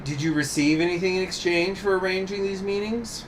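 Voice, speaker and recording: A man's voice: sits high, a little fast, noisy background, voice pushed up, natural voice. A man reading a menacing revolutionary judge. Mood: accusing. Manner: cold, accusing, menacing. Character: stern revolutionary male judge, threatening and contemptuous. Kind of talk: reading game dialogue aloud.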